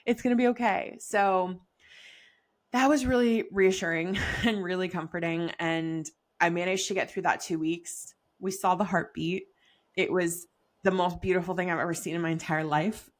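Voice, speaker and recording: A woman's voice: on the low side, fairly even intonation, normal speed. A young pregnant woman co-hosting a podcast, chatting casually with lots of "like" and frequent laughter. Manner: chatty, laughs often, many likes. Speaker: podcast co-host.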